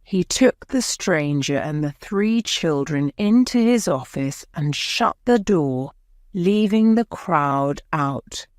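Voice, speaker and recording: A woman narrates a graded-reader story for English learners. Her voice is fairly low and her reading is slow and very clear. The recording is close and dry, with no room sound. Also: expressive, no room sound. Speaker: audiobook narrator.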